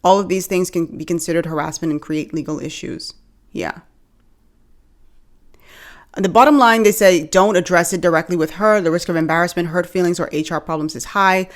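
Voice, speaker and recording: A young woman from the Bahamas chatting casually to camera as a video host, animated and joking, calling her viewers y'all. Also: lowish voice, moderate pace.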